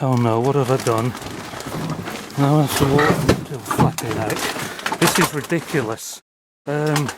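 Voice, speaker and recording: A man's voice: fairly high pitch, noisy background. A man talking to his handheld camera while exploring a derelict building, out of breath and muttering wry asides to himself. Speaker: urban explorer vlogger. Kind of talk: casual running commentary while exploring. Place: derelict building with cellar and broken glass. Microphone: handheld camera mic while holding a torch.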